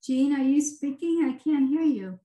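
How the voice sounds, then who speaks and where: A woman facilitating a virtual group session, giving gentle, unhurried instructions over a video call and often checking in with "right?". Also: high voice, lively intonation, roomy sound, rough recording. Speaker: retreat facilitator.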